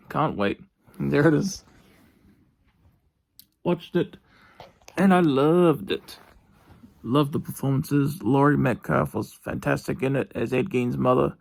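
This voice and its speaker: A young man, reviewing a TV show from his bedroom in a rambling, halting way with lots of fillers and restarts. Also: mid-range voice, creaky, no echo, studio quality. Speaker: vlogger. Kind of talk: casual TV review monologue.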